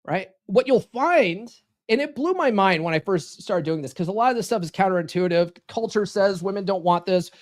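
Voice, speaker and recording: A man's voice: high-pitched, animated, moderate pace. A man talking as a relationship coach on a live stream, casual and confident, often tagging his points with "right?" and short laughs.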